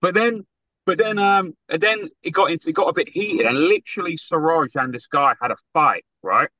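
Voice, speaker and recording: A man's voice: on the high side, normal speed, sharp tone, dry recording, highs cut off. A man casually telling a long story on a podcast, acting out quotes and swearing freely.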